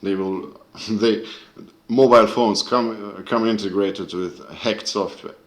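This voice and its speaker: Deep-voiced man ranting angrily, echoey room. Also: fairly even intonation, slow. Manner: angry, profane, searching for words. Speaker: video creator. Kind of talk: casual rant to camera.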